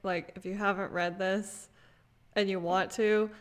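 Young female podcast co-host, casual book chat, slow unhurried delivery, relaxed and filler-heavy. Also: mid-range voice. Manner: unhurried, many fillers, laughs easily.

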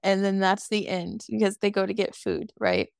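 Brief: twenties woman co-host, sassy casual recap, mid pitch, dry close sound. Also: big pitch swings, creaky, no room sound. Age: 20s. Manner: sassy, swears freely, acts out lines in quick voices. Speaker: podcast co-host. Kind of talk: casual movie recap chat.

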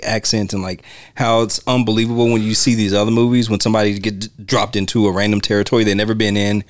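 A man hosting a film podcast, chatting casually and acting out quotes as he retells scenes. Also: lowish voice. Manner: animated retelling, acts out quotes. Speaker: podcast host.

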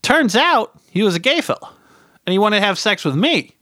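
A man's voice: high voice, big pitch swings, normal speed, sharp tone, no room sound, clean studio sound. A middle-aged man telling a rambling comic story as a podcast guest, stumbling over repeated words and tagging his lines with "right?".

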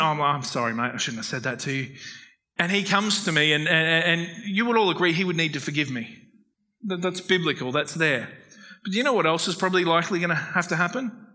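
A man's voice: fairly high pitch, poor audio. A man preaching a conversational sermon as a pastor, earnest and full of personal stories. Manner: earnest, storytelling, warm-hearted anecdotes.

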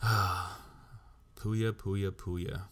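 A low-pitched man hosts his own podcast alone, talking in a loose, heavily profane rant. He is blunt and unfiltered, and he drops swear words into nearly every sentence. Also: flat delivery, extremely slow, fairly bright tone. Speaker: podcast host.

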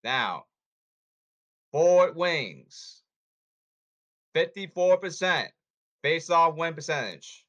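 A man hosts a sports podcast in a casual monologue, blunt and hectoring, circling back over the same points. His voice sits a little high and bright, swinging widely in pitch. The recording sounds dull and lo-fi. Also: animated, slow pace, long pauses. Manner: blunt, hectoring, repeats himself.

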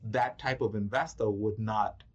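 A man, a filmmaker guest in an interview, explaining things in a measured, step-by-step way. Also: lowish voice, steady tone, breathy edge. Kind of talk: casual interview chat. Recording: muffled lo-fi audio.

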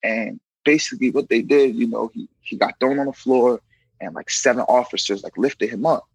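A man who works as a correction officer, telling stories in a casual, animated way and acting out the voices of the people in them. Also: medium pitch, normal speed, husky, dry recording, rough recording. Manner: animated, acts out quoted voices, fills with "you know what I mean". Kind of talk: casual storytelling in an interview.

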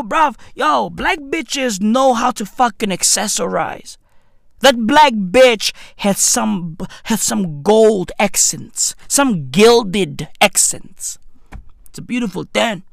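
A man in a rambling, profane rant who keeps asking "right?" and swings between loud outbursts and low mutters. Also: expressive, slow pace, gravelly, no room sound, clean studio sound.

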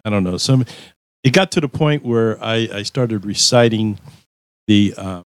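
Male podcast co-host, halting speech with restarts and chuckles, dry close mic. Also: on the low side, no echo. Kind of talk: casual chat.

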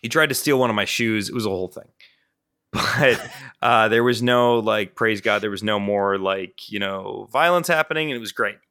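A young man tells a story on a casual podcast, his voice bright and forward. He talks in an animated way, piles up fillers and swears freely. The recording is dry and close. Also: fairly low pitch, moderate pace, clear, resonant tone, dry recording. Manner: animated and profane, with frequent fillers. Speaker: podcast co-host.

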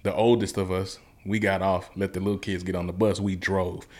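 His voice is low and a little mellow, barely moving in pitch, and he talks briskly. He's from Memphis, Tennessee, and as a guest in an interview he retells something from his own life earnestly, in vivid, everyday language.

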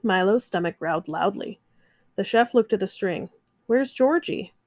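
A woman reading a children's picture book aloud, gentle and expressive. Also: mid-range voice, normal speed, no echo, studio quality. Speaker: narrator. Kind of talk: children's storybook read-aloud.

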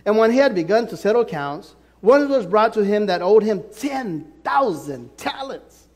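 A man preaching a sermon in a notably high voice, pushing certain words loud and letting others drop to almost nothing. His delivery is emphatic and sweeping. The sound carries a long reverb, like a large church hall. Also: very animated, normal speed. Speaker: pastor.

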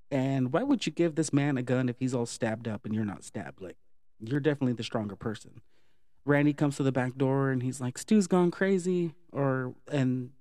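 A man talks through a horror film's plot in a loose, profane, laid-back way, tossing in quick impressions of the characters. His voice sits at a middle pitch, and the recording is dry and close. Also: warm tone, no room sound. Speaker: movie recap vlogger. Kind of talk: casual movie recap.

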